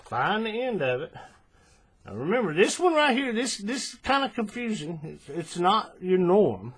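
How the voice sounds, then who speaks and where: A man hosting a hands-on crafting tutorial, explaining each step in a relaxed way, checking in with the viewer and correcting himself as he goes, recorded at a table on the camera's own mic. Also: high-pitched, normal speed, breathy edge. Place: indoors at a table, working close to the camera.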